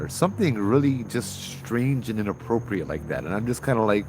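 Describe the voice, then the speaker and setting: A man, casually telling ghost stories on a livestream outdoors at night, chatty and relaxed, greeting viewers and laughing often. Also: fairly low pitch, a little fast, hardly any pauses, a little hiss or hum. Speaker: ghost-story livestream host and former tour guide. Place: outdoors at night with bugs around.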